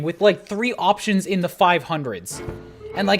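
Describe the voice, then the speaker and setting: A man's voice: high-pitched, a little fast. A man streaming a video game live, joking and commenting animatedly with his co-players. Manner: animated, joking, laughs often. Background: game music.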